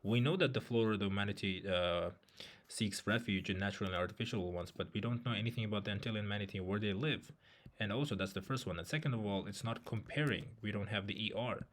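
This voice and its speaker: A man's voice: on the low side, noisy background. Man tutoring with fillers and restarts. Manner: thinks aloud with many fillers and restarts. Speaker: IELTS tutor. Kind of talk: walkthrough of a reading test.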